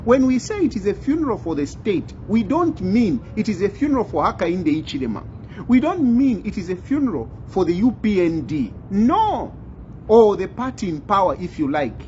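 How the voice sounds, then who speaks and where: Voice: mid-range voice, big pitch swings, moderate pace, warm tone, lo-fi sound, slight background noise. A channel host giving commentary, insistent and repeating phrases for emphasis. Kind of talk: commentary to camera.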